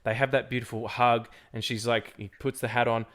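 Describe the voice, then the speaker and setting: A man in his forties with an ordinary mid-pitched voice, chatting casually on a film podcast. He rambles eagerly and restarts his sentences as he goes. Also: little pitch movement, fairly quick, a bit bright. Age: 40s. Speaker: podcast co-host.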